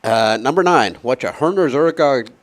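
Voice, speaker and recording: A man reads a comic top ten list on a morning show. His pitch is mid-range but swings widely, and his delivery stays playful and jokey. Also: expressive, normal speed. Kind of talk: casual chat.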